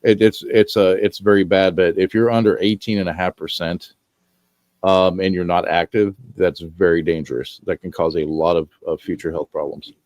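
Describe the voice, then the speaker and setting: Male host, low voice, jokey and loose, dry close sound. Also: steady tone, a little mellow, no echo. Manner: joking, rambling, quick to laugh. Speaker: podcast host. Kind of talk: casual chat.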